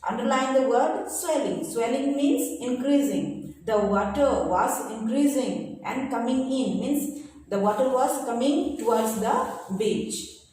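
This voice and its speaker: A woman teacher, slowly reading a textbook chapter to pupils and explaining each word in simple terms, with pauses and fillers. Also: fairly high pitch, dark tone, recorded from a distance. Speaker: school teacher. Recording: echoey room, voice from away from the mic, faint noise.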